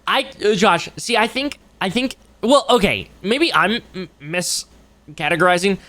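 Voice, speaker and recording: Reacting to a video on a live stream, a young man jokes around with viewers, swearing, rambling and putting on mocking voices. His high-pitched voice is animated, pushed and bright, though he talks a little slowly.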